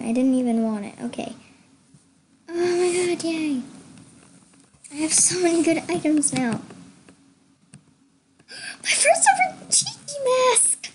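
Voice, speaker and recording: A young woman chatting excitedly through casual gameplay commentary, gushing and chatty. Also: high-pitched, slight background noise. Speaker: gamer.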